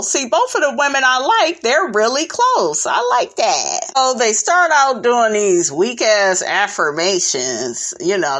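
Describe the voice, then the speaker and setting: A woman giving a sassy, blunt, gossipy recap of a reality show, calling the listener "honey" constantly. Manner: animated, swoops in pitch for emphasis.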